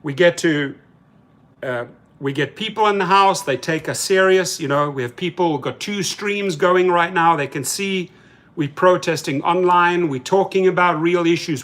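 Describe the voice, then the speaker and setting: A man's voice: sits high, moderate pace, a bit bright. A man hosting a live stream in casual talk, reading viewer comments aloud and speaking in heated, colloquial terms. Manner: heated, mocking.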